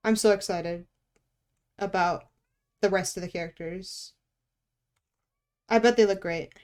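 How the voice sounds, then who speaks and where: A woman's voice: medium pitch, steady tone, a little slow, a little mellow, clear, resonant tone. A woman streaming while she draws. She chats casually, teases herself, swears offhandedly and laughs often. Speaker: art streamer. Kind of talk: casual live-stream chat while drawing.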